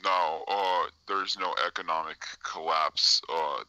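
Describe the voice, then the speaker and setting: A young man talking casually as an interview guest, hesitant and halting, full of fillers and repeats. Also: low voice, fairly even intonation, bright, forceful tone, clear, resonant tone, dry recording, low-quality recording. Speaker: guest claiming to be a time traveler. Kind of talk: casual live-stream interview.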